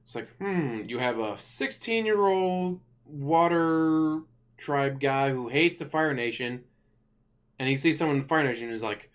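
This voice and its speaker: A man's voice: a little high, measured pace, clean tone. Ranting man venting about a cartoon. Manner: complaining, animated, swears freely. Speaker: vlogger. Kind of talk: casual ranting commentary.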